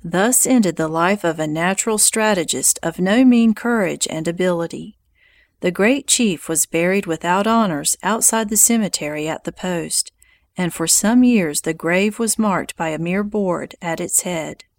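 A woman narrating a history audiobook in a measured, even reading. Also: lowish voice, no echo.

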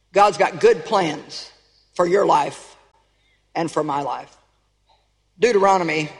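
Woman preacher, emphatic sermon delivery with call-outs, big hall reverb. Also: lowish voice. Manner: emphatic, calls out to the congregation; storytelling, rising to shouts.

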